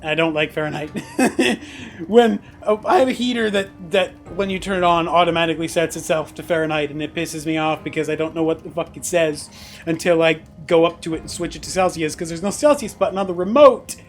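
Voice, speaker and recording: A man's voice: on the high side, a little fast, soft background music. A man streaming a game, chatting casually, laughing often and swearing offhandedly. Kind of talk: casual chat while gaming.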